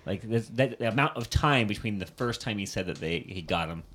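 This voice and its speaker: Low-voiced man hosting casual chat. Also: expressive, brisk, fairly bright tone, breathy edge. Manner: rambling, filler-heavy. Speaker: podcast host.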